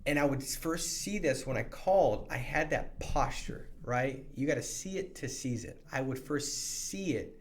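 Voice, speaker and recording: The voice is a man at a middle pitch, talking with energy as he coaches new insurance sales agents. His delivery is casual and motivational, and he often restarts a phrase before pushing on. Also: normal speed. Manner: energetic and conversational, with frequent restarts. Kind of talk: motivational sales training talk.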